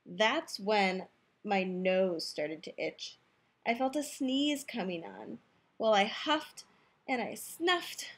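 A woman's voice: mid-range voice, slow pace, husky. A woman playfully reading a picture book aloud, telling the story in first person as the wolf, in a youth room.

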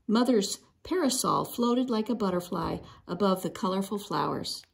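Gravelly woman reading a storybook. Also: medium pitch, expressive, normal speed. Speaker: storybook reader. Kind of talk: reading a children's book aloud.

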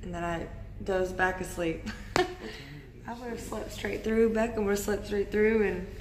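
A woman's voice: medium pitch, moderate pace, darkish tone, reverberant. A young woman chatting casually at home for a family vlog, laughing often and coaxing her toddler in a sing-song voice. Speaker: family vlogger and mother.

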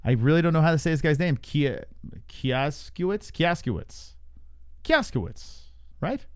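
Male host, casual fight-stream banter, crude and joking, clear voice in a dry room. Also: fairly high pitch, big pitch swings, moderate pace, no room sound.

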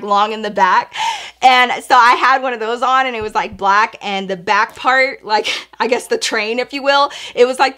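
A young woman with a high, bright voice tells a storytime tale. She speaks in a loose, chatty way, heavy on slang and curse words, and addresses her listeners directly. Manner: animated, slangy and profane, talks straight to listeners. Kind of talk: casual storytime.

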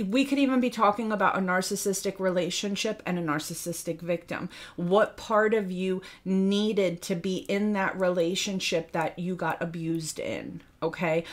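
A woman reads tarot for her viewers in a slightly low voice. She sounds a little out of breath, talks earnestly, and keeps checking in with a questioning "okay?". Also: measured pace. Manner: earnest, addresses the listener by star sign, asks rhetorical questions ending in "okay?". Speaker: tarot reader.

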